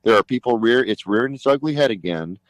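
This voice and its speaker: A man's voice: mid-range voice, quick pace, no echo, low-quality recording. A middle-aged man, a state senator, talking emphatically on a radio talk show and acting out conversations. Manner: emphatic, animated, acts out conversations.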